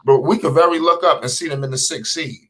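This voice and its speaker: A high-pitched man hosts a loose live sports chat. He talks with lots of energy, swears freely, and keeps checking in with "you understand?". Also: fast. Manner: animated, profane, keeps asking "you understand?". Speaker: sports talk show host. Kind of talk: casual live sports talk.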